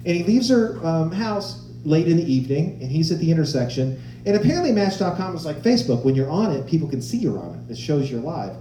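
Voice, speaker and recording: A man in his forties performing stand-up comedy, telling stories in an animated way and acting out the voices of people he quotes. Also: on the high side, fast, a little hiss or hum. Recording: roomy live-venue sound.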